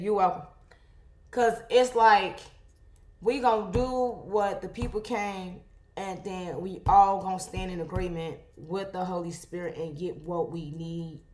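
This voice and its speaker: A young woman photographer chatting casually to viewers while she edits, talking in an animated, exclaiming way. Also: on the low side. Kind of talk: casual vlog chat while editing photos. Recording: echoey room.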